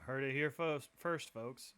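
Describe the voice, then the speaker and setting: A man's voice: medium pitch, unhurried, bright, forceful tone, clear, resonant tone. A man co-hosting a podcast in casual chat, telling rambling stories and acting out the voices in them. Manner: rambling storyteller, acts out quoted voices, laughs often. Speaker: podcast co-host.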